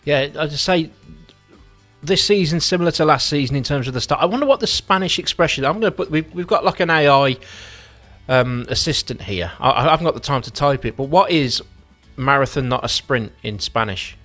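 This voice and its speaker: A man hosting a radio show, chatting casually and stumbling over quick restarts. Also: on the high side. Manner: upbeat, bright links into music. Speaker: radio host.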